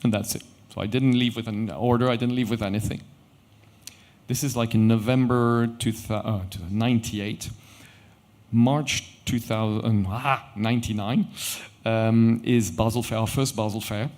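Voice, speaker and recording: A middle-aged man, a company founder, telling a story on stage with animated quoted dialogue. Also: fairly low pitch, measured pace. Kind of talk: conference storytelling talk. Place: event stage.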